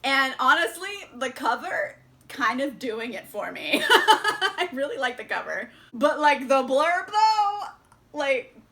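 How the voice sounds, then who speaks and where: A woman's voice: high-pitched, sing-song, slow pace, pushed and bright. A woman vlogger casually chatting through a book haul, bubbly and giggly, with lots of fillers.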